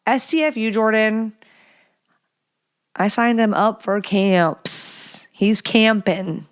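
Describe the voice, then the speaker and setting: A woman's voice: mid-range voice, takes it slowly, smooth. A woman in her thirties talks through a casual solo podcast from her home. Her talk is loose and rambling, full of self-mocking asides. Now and then she drops to a whisper. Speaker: podcast host.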